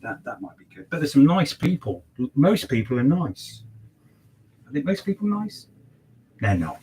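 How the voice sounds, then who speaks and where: A man talks while he cuts hair in a barbershop, chatting for a livestream. His voice sits at an ordinary middle pitch, and he swears freely as he goes off on exaggerated, mock-furious rants. Faint background noise hangs under the talk. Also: big pitch swings, moderate pace, mellow. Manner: sweary, ranting, mock-outraged.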